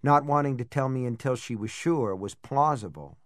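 A man reading a first-person audiobook in a measured, reflective way. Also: medium pitch, fairly bright tone, dry recording, clean studio sound. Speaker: audiobook narrator.

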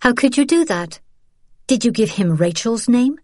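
A woman's voice: fairly high pitch, lively intonation, moderate pace, a little mellow, dry recording, studio quality, pitched above the performer's own voice. A woman voicing a fierce, blunt young Frenchwoman who sharply reproaches her sister in an audiobook. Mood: shocked accusing. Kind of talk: audiobook character reading.

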